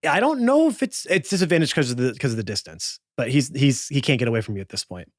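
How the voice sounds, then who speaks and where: A man running a tabletop game as game master, calmly narrating rolls and what happens. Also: medium pitch, quick pace, a little hiss or hum. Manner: calm, narrating rolls and outcomes.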